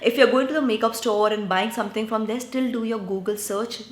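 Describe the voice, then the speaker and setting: A woman's voice: a little high, a little fast. A woman from India giving skincare advice in a chatty vlog, often checking in with "right?" and addressing her viewers as guys. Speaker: beauty vlogger. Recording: echoey room.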